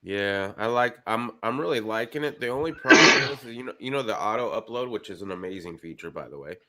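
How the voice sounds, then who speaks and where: A man's voice: lowish voice, lively intonation, brisk, crowd noise. A man co-hosting a casual chat show, laid-back, laughing often and calling people dude. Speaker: co-host.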